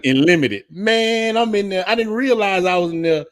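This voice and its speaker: A man's voice: high voice, lively intonation, normal speed. A man, telling slangy stories in a laughing, casual barbershop chat. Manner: loud laughing storyteller, slangy. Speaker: podcast host.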